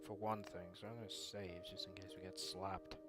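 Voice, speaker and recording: A man's voice: low-pitched, little pitch movement, normal speed, fairly bright tone, faint music behind. A man reading a visual novel aloud in earnest first-person narration, adding dry asides of his own. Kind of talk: dramatic read-aloud narration.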